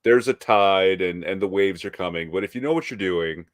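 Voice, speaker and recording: A man with a very low voice co-hosts a casual podcast and stretches out playful comparisons. The sound is dry and close, with almost no room echo. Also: normal speed. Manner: builds long playful metaphors. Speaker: podcast co-host. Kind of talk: casual chat.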